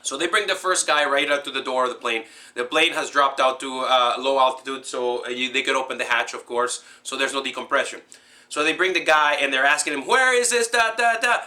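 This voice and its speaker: A man excitedly recapping a movie scene in a rambling, casual way, full of fillers and restarts. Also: mid-range voice, fairly quick. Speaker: movie fan recapping a film.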